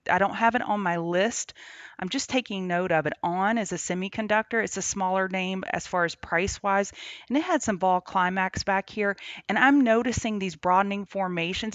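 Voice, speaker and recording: A woman's voice: medium pitch, a bit bright, no echo. A woman hosting a live trading show, chatting and greeting viewers by name between chart talk, on the road. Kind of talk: casual livestream market commentary. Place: on the road, remote setup. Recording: dull lo-fi, dry sound.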